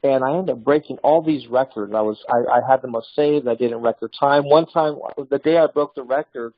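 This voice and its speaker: A man's voice: medium pitch, brisk, no room sound. Man telling sales stories, dry lo-fi sound. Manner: storytelling, animated with restarts. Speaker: sales trainer. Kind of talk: casual motivational talk.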